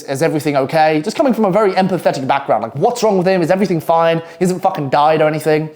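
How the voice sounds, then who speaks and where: Young British man, a touch high-pitched, swears freely, animated storytelling to camera. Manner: swears often, animated, quick asides. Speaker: copywriter telling a work story.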